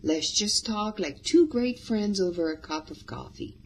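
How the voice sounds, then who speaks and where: Woman host, instructional, unhurried and breathy, expressive delivery. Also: medium pitch, low-quality recording. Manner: expressive, demonstrating vocal examples. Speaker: podcast host. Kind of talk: instructional talk to guests.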